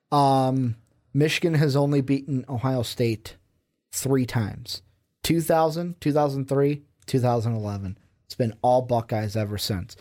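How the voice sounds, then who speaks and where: A man's voice: a little high, warm tone. A young man co-hosting a sports podcast in casual chat, quizzing his partner with rambling asides. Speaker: podcast co-host.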